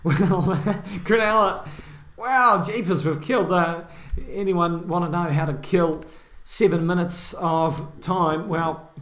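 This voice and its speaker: Bright, high man commentating. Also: slow pace. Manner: excitable play-by-play, rising on big moments. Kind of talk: joking live sports commentary.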